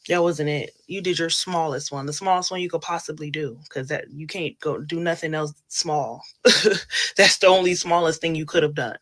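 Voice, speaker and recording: Fiery woman ranting, bright voice. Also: lowish voice, moderate pace. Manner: fiery, cursing, mocking. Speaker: reality show cast member. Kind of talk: heated confessional rant.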